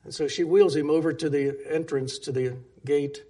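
A man's voice: on the high side, fairly even intonation, normal speed, dark tone, breathy edge. A man preaching a sermon, telling a story earnestly and closing in prayer. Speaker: pastor.

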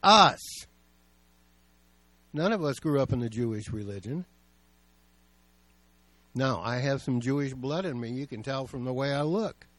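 A man's voice: medium pitch, lively intonation, a little slow, long pauses, a bit bright, no room sound. A male pastor preaching a sermon, telling stories in a plain, conversational way.

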